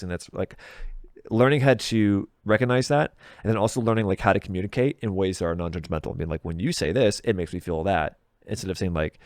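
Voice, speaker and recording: A man's voice: fairly low pitch, dry recording, clean studio sound. A man in his thirties, a podcast guest, talking loosely and candidly in casual conversation, swearing freely and laughing at himself. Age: 30s. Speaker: podcast guest, video game content creator. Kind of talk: casual interview chat.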